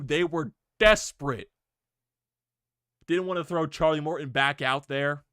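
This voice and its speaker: A young man hosting a sports video, giving an excited fan reaction rant, swearing freely and laughing. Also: mid-range voice, no room sound, clean studio sound.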